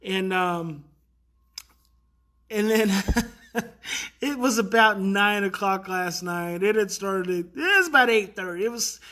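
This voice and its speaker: A middle-aged man, a parenting educator, tells a story in a casual, animated way and lets his voice rise to act out the kids' outbursts. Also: sits high, takes it slowly, pauses often. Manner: animated, acts out kids' outbursts, many fillers.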